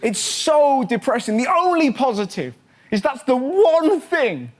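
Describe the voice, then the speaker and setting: A man's voice: very high-pitched, sing-song, unhurried. A man hosting a comedy show, delivering a punchy, sarcastic stand-up monologue. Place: TV studio stage. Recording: loud studio audience laughter.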